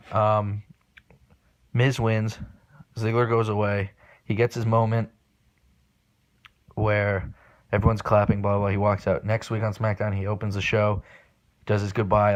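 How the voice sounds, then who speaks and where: A man hosting a solo podcast, giving casual spoken predictions with lots of ums and restarts, excitable and swearing, recorded without his usual microphone. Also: on the low side. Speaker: podcast host. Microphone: not his usual microphone.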